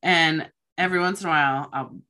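A young woman hosting a casual chat podcast, telling stories in a rambling, excitable way with casual swearing. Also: low-pitched, brisk. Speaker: podcast host.

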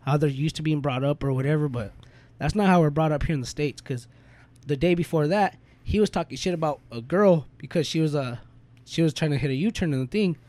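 A man's voice: a little high, brisk, a little mellow, dry recording. A young man in casual podcast chat, venting in a heated, profane, slangy way.

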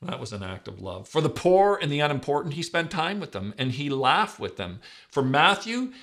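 A man preaching a sermon as pastor, stressing words loudly and then dropping to soft, low asides. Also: sing-song, normal speed. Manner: emphatic, swings between loud stresses and soft, low asides.

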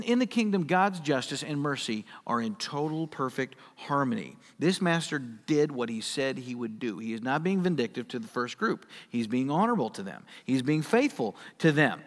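Male pastor, high voice, long hall reverb, animated folksy delivery that acts out scripture. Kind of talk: sermon.

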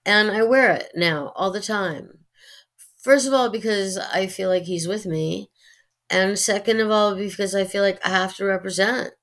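A middle-aged woman with a Californian Valley accent, talking earnestly as an interview guest, with many pauses and fillers. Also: medium pitch, fairly bright tone. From United States. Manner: earnest, opinionated, halting with fillers. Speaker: guest, actress and writer. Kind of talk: interview conversation.

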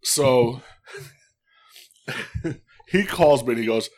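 A young man casually telling a story, animated and swearing freely. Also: mid-range voice, very slow. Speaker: guest.

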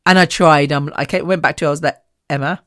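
A woman's voice: deep voice, steady tone, racing, fairly bright tone, no echo, studio quality. A woman hosting her own podcast, talking candidly and chattily, swearing freely and restarting often. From Indian heritage. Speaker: podcast host. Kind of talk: casual solo podcast chat.

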